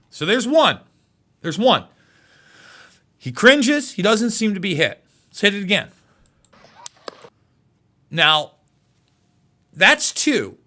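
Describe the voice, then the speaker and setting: An emotional male host delivers live news commentary, stumbling over his words and repeating himself. His high voice swings widely in pitch and carries a bright, forceful edge.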